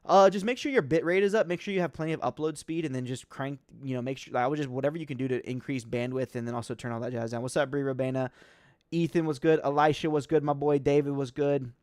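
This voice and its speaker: A man's voice: medium pitch, fast talker, darkish tone, dry recording, studio quality. A young man hosting a casual livestream, answering chat questions in a loose, slangy way with lots of fillers.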